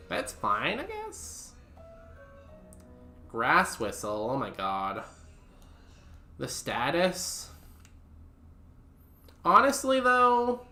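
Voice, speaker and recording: A man's voice: medium pitch, pushed and bright, echoey room. A young man streaming a game and chatting casually with his viewers, rambling with lots of fillers. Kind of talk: casual live-stream commentary.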